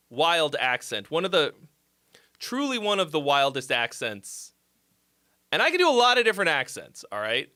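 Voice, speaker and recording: A man hosting a live stream, chatting casually with viewers in a rambling, profane, excitable way and answering their comments. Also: medium pitch. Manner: reads viewer comments aloud and replies. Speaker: livestream host giving song critiques.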